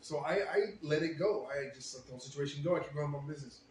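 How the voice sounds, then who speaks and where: A young man telling a long, profane story in a casual podcast chat, getting loud when he quotes himself. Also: a little high, very fast. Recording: roomy echo, faint ambient noise.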